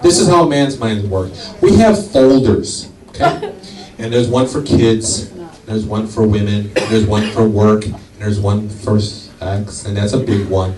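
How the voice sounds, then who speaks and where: A man doing stand-up comedy on a club stage, animated and acting out family dialogue. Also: lowish voice, a little slow, heavy background noise. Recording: echoey club, from far off. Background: loud audience laughter.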